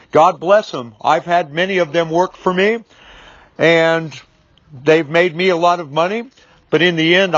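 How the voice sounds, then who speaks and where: A man's voice: a little high, no echo. Rambling man in a dull lo-fi recording. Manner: rambling, with many fillers and restarts; acts out both sides of a remembered argument. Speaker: business author and sales trainer. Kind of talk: unscripted monologue.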